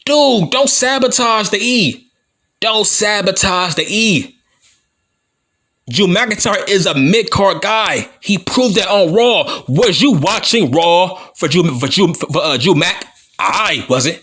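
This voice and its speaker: Slurred, slow-talking man cutting a promo. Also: high voice, expressive, a bit bright, husky. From Compton, California. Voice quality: slurred, mushy speech with stutters. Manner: taunting, combative, swearing often. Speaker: wrestling vlogger. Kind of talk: profane heel-style wrestling promo rant.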